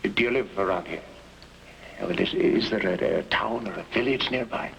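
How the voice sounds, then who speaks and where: A man's voice: on the low side, moderate pace, gravelly, noisy background. An actor playing a frightened, hunted blind man in a 1960s TV drama, pleading and stammering, often dropping to worried half-whispers. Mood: desperate. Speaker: lead actor.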